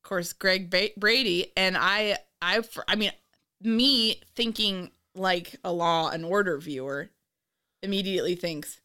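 A woman's voice: on the low side, a little slow, sharp tone, smooth. A woman co-hosting a casual podcast, chatting eagerly about an old TV show. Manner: chatty and enthusiastic, with frequent fillers and restarts. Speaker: podcast co-host.

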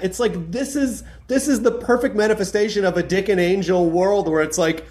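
High-voiced male podcast host, gushing, lots of "like"s. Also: fairly quick, hardly any pauses, darkish tone. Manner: enthusiastic, filler-heavy, lots of "like". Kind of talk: casual podcast chat.

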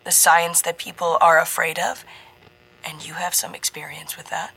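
Woman narrator plays a slick, genial middle-aged man recruiting; booming, oozy emphasis, bright, a touch low. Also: level tone, normal speed, gravelly, husky, heavily acted, poor audio. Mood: hushed menacing. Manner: booming, oozing, emphasizes every word.

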